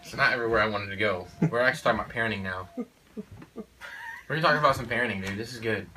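Speaking fast in a lowish, pushed, bright voice, a father of four lays out his views on parenting. The casual conversation has him sounding emphatic and preachy, repeating "you know" and "okay?". Slight background noise and a distant mic make for a rough recording.

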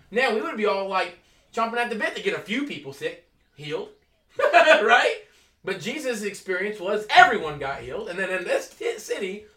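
A man, a Christian teacher, telling stories in a casual, animated way and acting out the voices of the people in them. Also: high voice, roomy sound, far from the mic. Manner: animated, acts out quoted voices. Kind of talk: casual storytelling talk.

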